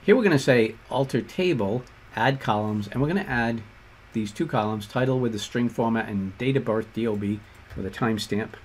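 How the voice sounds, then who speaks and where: A man with a Boston accent explaining code step by step in a relaxed tutorial. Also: medium pitch, brisk, a little hiss or hum. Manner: relaxed explanatory walkthrough with fillers and asides. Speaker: instructor. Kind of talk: screen-share coding tutorial.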